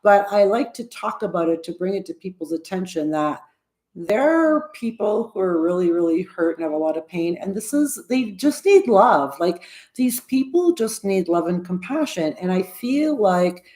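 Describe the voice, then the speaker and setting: A YouTuber in her sixties speaks earnestly to camera in casual vlog talk, rambling and cutting herself off to begin again or return to earlier points. She has a fairly low, dark, expressive voice and keeps a moderate pace.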